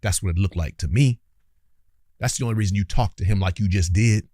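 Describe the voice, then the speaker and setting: A warm, fairly low male voice delivers reaction commentary at a brisk clip, preaching heatedly and informally right at his viewers. He's the channel's host, recorded dry in studio quality.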